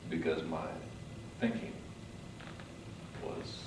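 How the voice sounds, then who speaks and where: A man giving a motivational speech, telling his story dramatically, swinging from hushed to loud. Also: very deep voice, completely flat delivery, drawn-out words, distant mic, noisy background. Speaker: motivational speaker. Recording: echoey hall, mic from afar.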